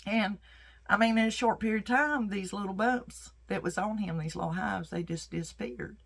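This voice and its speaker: A woman's voice: mid-range voice, normal speed, vocal fry, fairly bright tone. Earnest middle-aged woman herbalist. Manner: folksy, earnest, faith-filled storytelling. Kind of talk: personal storytelling talk.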